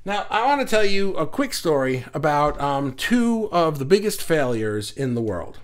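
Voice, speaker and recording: A man's voice: fairly high pitch, sing-song, moderate pace. A man giving a casual motivational talk, joking and sarcastic, with many fillers and restarts. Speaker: motivational speaker.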